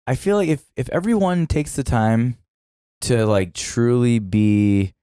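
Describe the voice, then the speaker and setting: A woman's voice: extremely low pitch, measured pace, mellow, clean tone, no echo, clean studio sound. A woman co-hosting a podcast, talking earnestly and playfully with enthusiasm. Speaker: podcast co-host. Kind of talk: casual podcast chat.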